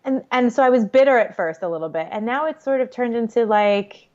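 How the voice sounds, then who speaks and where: A woman in her forties telling her story as an interview guest, candid and quick, with lots of fillers. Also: on the high side, lively intonation, darkish tone. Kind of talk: conversational interview. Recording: dull lo-fi audio.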